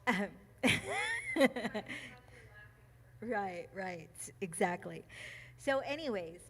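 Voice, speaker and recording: A woman speaking at a church gathering, reading a passage and reflecting on it, emotional and quick to laugh, with many ums and restarts. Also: mid-range voice, wildly swooping pitch, fairly bright tone. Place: church meeting room.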